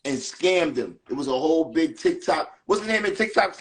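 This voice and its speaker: A man's voice: fairly high pitch, expressive, normal speed, slight background noise. A man hosting a casual podcast, reacting and chiming in with a laid-back manner. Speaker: host.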